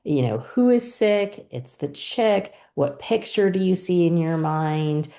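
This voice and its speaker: A woman teaches fellow instructors how to run reading and spelling practice, modelling the prompts she would give a student. Her voice sits low and mellow, and she takes her time over each step. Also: slow pace. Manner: explains patiently, acts out teacher and student prompts. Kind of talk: teacher training lesson.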